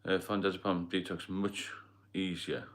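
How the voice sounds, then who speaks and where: A middle-aged host, from Northeast England with an accent mixing Geordie and London, rambles through viewer comments on a casual livestream. He keeps a moderate pace and a flat delivery in a low voice.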